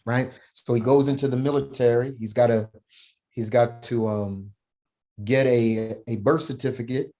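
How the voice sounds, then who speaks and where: A middle-aged man speaks as a podcast guest, emphatic and heartfelt. His voice sits in an ordinary middle pitch, and he keeps punctuating his story with "right?" and "man". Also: fairly even intonation, normal speed, dark tone. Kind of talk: personal storytelling in an interview.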